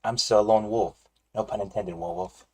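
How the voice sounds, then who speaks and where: A man's voice: fairly low pitch, steady tone, a little fast, slightly rough. A man who does voices, bantering and joking easily with the cast on a livestream. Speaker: voice actor and stream cast member. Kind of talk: casual livestream chat.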